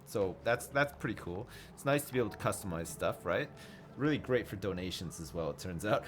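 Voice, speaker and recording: A man's voice: fairly low pitch, animated, brisk, noisy background. A man streaming a video game live, chatting casually with his viewers and swearing freely. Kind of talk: live commentary over gameplay.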